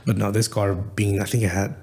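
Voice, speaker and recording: A man from Venezuela chatting casually on a podcast, telling stories with plenty of energy. His voice sits a little low. He brings the people in his stories to life as he talks. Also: brisk. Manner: animated storyteller who acts out quotes. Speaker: podcast guest. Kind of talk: casual chat.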